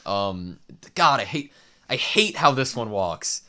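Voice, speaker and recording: A man co-hosting a relaxed anime reaction chat, loose and excitable, swearing freely and filling with "like". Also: medium pitch, takes it slowly. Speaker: co-host reacting to an anime episode.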